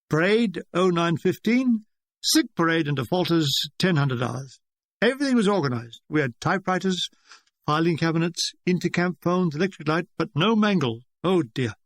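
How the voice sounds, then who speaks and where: Wry high-voiced older man narrating. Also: no room sound. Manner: wry, deadpan comic delivery. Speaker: author reading his memoir. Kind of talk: audiobook narration.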